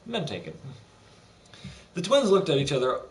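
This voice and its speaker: A man's voice: on the high side, big pitch swings, distant mic. A man on a gaming livestream, joking with his co-host and then reading a novel aloud with some stumbles. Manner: jokey banter, reads a novel aloud haltingly. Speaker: streamer. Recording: roomy sound from away from the mic.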